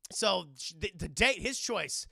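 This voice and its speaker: A man recapping a film for his live-stream chat in a rambling, excitable way, swearing a lot and restarting often. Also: sits high, unhurried, vocal fry, no echo, studio quality.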